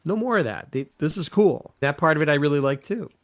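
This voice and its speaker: A man chatting casually about a film trailer as a guest, hesitant and measured, often restarting his sentences. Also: on the high side, expressive. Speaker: podcast guest. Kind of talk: casual chat.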